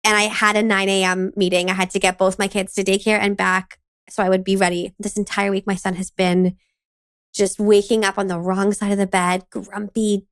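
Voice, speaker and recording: A woman in her thirties co-hosting a parenting podcast, telling a lively story about her morning and acting out her son's lines. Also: mid-range voice, moderate pace, smooth, no echo, studio quality. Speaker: podcast co-host. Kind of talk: casual conversational podcast chat.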